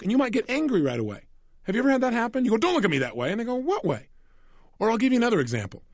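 High, lively man coaching listeners. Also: no room sound, clean studio sound. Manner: animated, asks the listener rhetorical questions; conversational, acts out little scenes in quick voices. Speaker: self-help coach. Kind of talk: motivational audio program lecture.

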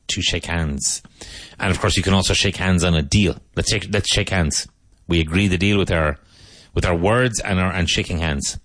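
Low-voiced male teacher, slow repetitive vocabulary drills. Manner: slow, repetitive, each word said twice. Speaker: English teacher. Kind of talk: language lesson with drills.

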